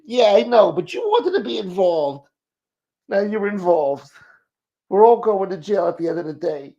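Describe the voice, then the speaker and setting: Brief: man playing a fed-up mob brother lecturing his sister, rough gravelly tone, lo-fi audio. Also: sits high, big pitch swings, normal speed, mellow, voice pushed up. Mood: exasperated. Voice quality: exasperated, scolding. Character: exasperated middle-aged male mob brother. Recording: muffled lo-fi audio.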